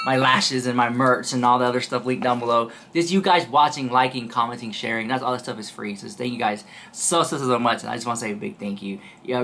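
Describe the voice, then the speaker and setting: A chatty host pouring gossip commentary, with a bright, sharp tone and pitch that leaps up and down all the time. The delivery stays casual and talky, and the host keeps calling the viewers "girl" and speaking straight to them. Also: slight background noise.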